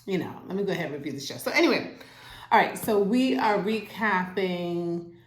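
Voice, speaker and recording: A woman at home giving a casual, animated recap of a TV show, acting out the characters' lines as she goes. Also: lowish voice, normal speed. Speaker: TV show reviewer. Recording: roomy echo.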